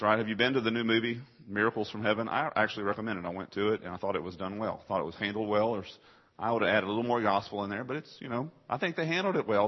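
Husky man preaching with big swings. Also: on the low side. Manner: emphatic preaching, swings from loud to hushed. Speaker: pastor. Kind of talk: sermon. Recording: dull lo-fi sound.

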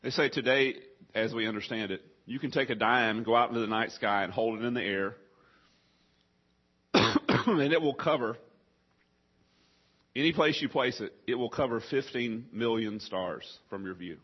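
A man preaching a sermon to a congregation, his voice husky and interrupted by coughing. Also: medium pitch, normal speed, lo-fi sound. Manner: coughing, choked up.

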